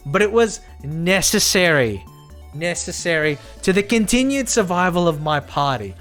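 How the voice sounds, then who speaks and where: A man's voice: high-pitched, lively intonation, normal speed, fairly bright tone, faint music behind. A man streaming a video game live, chatting and laughing while reading character lines aloud. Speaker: VTuber streamer. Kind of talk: live gameplay commentary with dialogue read-aloud.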